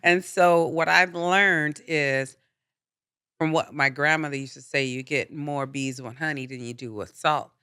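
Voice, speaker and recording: A middle-aged woman co-hosting a casual chat, with a loud, sharp-toned voice and a quick laugh. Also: sits low, fairly even intonation, clean tone, no room sound. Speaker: podcast co-host.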